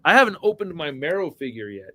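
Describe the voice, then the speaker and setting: A man's voice: fairly high pitch, very animated, fast talker, sharp tone. A man hosting a casual action-figure podcast, rambling through stories, laughing often and swearing freely. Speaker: podcast host.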